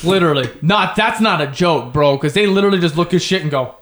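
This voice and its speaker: A man's voice: a little high, fast, noisy background. A young man co-hosting a casual chat, swearing freely and calling his friend "bro". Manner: profane, rowdy, says "bro" a lot. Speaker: podcast co-host.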